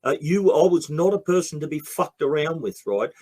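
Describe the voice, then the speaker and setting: A man's voice: on the high side, animated, normal speed, darkish tone. Blunt, swearing Australian man. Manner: blunt, emphatic, profane. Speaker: interview guest. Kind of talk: heated political interview.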